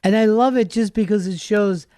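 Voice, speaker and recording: A man chatting casually on a talk show with wry, deadpan asides. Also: high-pitched, normal speed, dry recording. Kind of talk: casual comedic chat.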